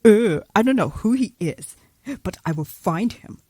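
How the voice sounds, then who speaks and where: A woman voicing a menacing male trickster god villain who speaks in a hushed, threatening mutter. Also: medium pitch, expressive, measured pace, no echo.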